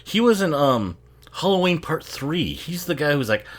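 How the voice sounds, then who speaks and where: A man chats his way through a movie in a loose, rambling commentary, laughing often and swearing freely. His pitch bounces around in a lively, animated way as he sips bourbon between remarks. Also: moderate pace. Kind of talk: casual watch-along commentary.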